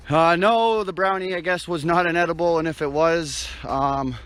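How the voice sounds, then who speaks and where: A man's voice: a little high, a bit bright, clean tone. A man doing a casual live stream outdoors on a frosty night, out of breath and sighing, rambling with many fillers and restarts. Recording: street noise and passing traffic.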